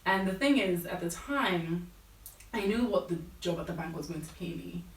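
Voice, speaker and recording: A woman's voice: lowish voice, moderate pace. Chatty woman with an American accent. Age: 30s. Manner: chatty, many fillers like "like" and "you know". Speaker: guest fashion buyer. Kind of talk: casual interview storytelling. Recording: roomy and distant.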